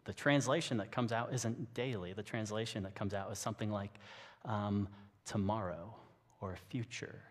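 Joking pastor in a reverberant hall. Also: male voice, lowish voice, fairly even intonation, moderate pace. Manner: conversational and joking, with frequent restarts. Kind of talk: sermon. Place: church sanctuary.

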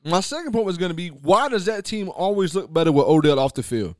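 A man's voice: high voice, lively intonation, fast, a little mellow, dry recording, clean studio sound. Opinionated sports radio host, man. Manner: blunt, opinionated, heavy on filler phrases. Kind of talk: casual sports talk radio.

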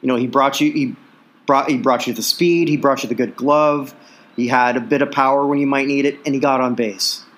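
A man's voice: medium pitch, fairly even intonation, brisk, a bit bright. A man co-hosting a casual sports podcast, reeling off statistics with plenty of fillers. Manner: reels off statistics, filler-heavy. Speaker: podcast co-host.

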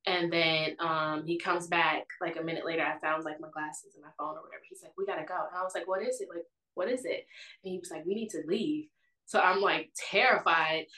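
A young woman recounts a personal story in a casual, rambling way, leaning on "like" and "or whatever." Her voice sits a little low. She sounds a bit distant from the mic, with echo around her. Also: a bit bright. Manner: chatty, constant fillers of "like" and "or whatever".

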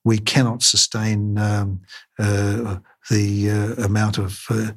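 An older surgeon speaks in an interview, his voice low and a little husky. He talks haltingly, filling gaps with "uh" and "um" and restarting his sentences as he recalls his work. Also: little pitch movement. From Australia. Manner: halting, many fillers and restarts. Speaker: craniofacial surgeon.

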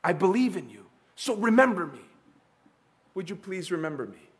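A man's voice: sits high, sing-song, moderate pace. A man voicing a repentant dying thief who earnestly pleads to be remembered, within a sermon. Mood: pleading.

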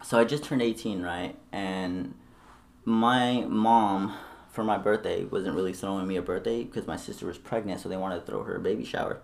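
A young man telling stories in casual chat, swearing often and animated. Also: deep voice, moderate pace, creaky. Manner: profane, animated storytelling. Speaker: storyteller.

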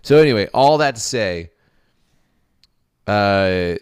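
Deep-voiced man reading aloud haltingly. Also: lively intonation, smooth, no room sound, studio quality. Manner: halting, with many restarts while reading. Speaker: podcast co-host. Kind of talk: casual chat and reading aloud.

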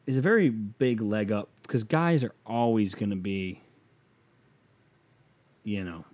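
A man's voice: fairly low pitch, unhurried, a little mellow. A man in his twenties hosting a casual podcast, reading a listener's letter and giving advice in a rambling, profane, joking way. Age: 20s. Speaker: podcast host.

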